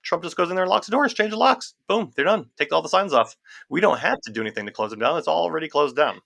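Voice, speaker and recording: A man talks quickly in a casual podcast chat, with a bright, forward voice that sits a little high for a man. He is animated and repeats words to drive his point home. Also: gravelly. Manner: fast, animated, repeats phrases for emphasis. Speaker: podcast co-host.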